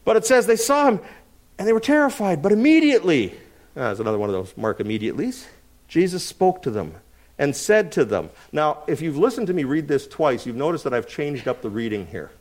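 A middle-aged man preaching an expository sermon, swinging between loud emphasis and quiet asides. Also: fairly high pitch, sing-song, brisk. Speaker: pastor.

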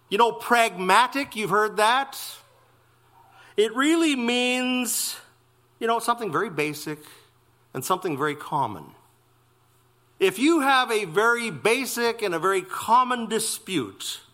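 Male pastor, high bright voice, swooping pitch, slow emphatic preaching delivery. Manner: emphatic, exclamatory preaching with slow stressed phrases. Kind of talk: expository sermon.

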